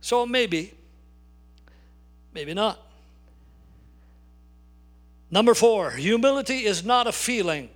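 An older man preaching a sermon as a pastor, emphatic, slowing down to stress key words. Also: high-pitched, expressive.

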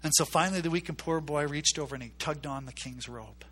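A man delivers a sermon as a story with a bright, forward tone and a voice pitched a little above the usual. He jumps into the characters' voices and drives points home through repetition. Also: quick pace. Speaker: preacher.

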